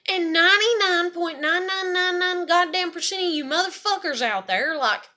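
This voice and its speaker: A woman's voice: extremely high pitch, moderate pace, few pauses, pushed and bright. A woman, venting bluntly in a raw, profane, heartfelt monologue. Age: 30s. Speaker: vlogger.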